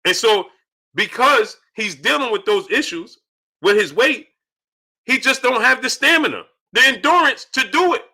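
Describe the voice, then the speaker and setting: A man hosting a live-stream boxing talk show from home, greeting viewers in chat and loudly acting out his own shouting at the screen. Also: extremely high pitch, animated, moderate pace. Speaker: boxing channel host.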